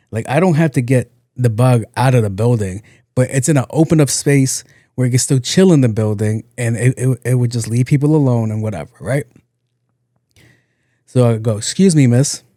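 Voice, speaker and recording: A young man hosting a podcast, telling a story in a loose, animated way, acting out the people in it and laughing along. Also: medium pitch, dry recording, clean studio sound. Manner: animated, acts out quotes, laughs at own story. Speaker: podcast host. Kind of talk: casual comedic storytelling.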